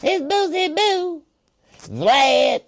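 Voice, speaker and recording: A man doing a squeaky bragging rapper voice. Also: lively intonation, very slow, full character voice. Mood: boastful. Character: high-pitched rapper impression, man, boastful.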